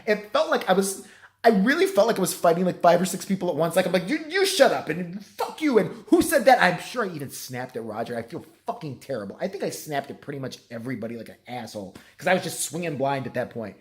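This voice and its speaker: A hoarse man talks straight to his camera at home, his voice worn from yelling. He rambles through a profane, self-mocking apology. His pitch swings widely as he goes. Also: very animated, quick pace. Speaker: vlogger.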